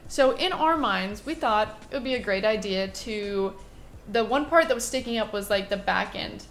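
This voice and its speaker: A young woman vlogger telling a story to camera in a chatty, self-deprecating, animated way. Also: medium pitch, normal speed, slight background noise.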